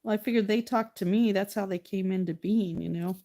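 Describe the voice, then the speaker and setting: A woman's voice: medium pitch, brisk, warm tone. A middle-aged woman chatting casually while she paints live, talking to her painting and thanking viewers. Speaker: artist livestreaming.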